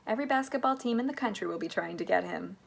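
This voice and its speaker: A breezy, eccentric old-fashioned candy maker, brisk and chatty, as a woman reading a storybook puts him on. His voice sits at a middling pitch with a gravelly edge. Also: lively intonation, full character voice.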